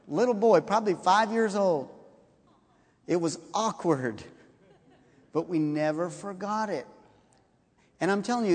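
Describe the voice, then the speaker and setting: A high-pitched man preaches to his congregation, retelling a story with animated energy and slipping into the voices of its characters. His voice rings out with a long reverb trailing behind it, as if it fills a large hall. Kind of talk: sermon.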